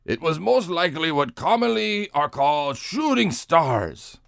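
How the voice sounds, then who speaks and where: A man's voice: on the high side, sing-song, measured pace, vocal fry, a bit bright, no room sound, clean studio sound, pitched above the performer's own voice, exaggerated voice. A man voicing a prim male astronomer with an odd, stiff, lofty accent while reading quotes on a podcast.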